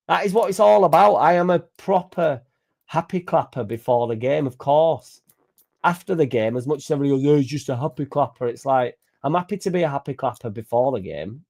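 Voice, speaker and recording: Excitable football fan. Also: male voice, a little high, a little fast, vocal fry. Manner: excitable, rambling, sweary banter. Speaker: football fan channel host. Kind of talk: casual live-stream chat reading viewer comments.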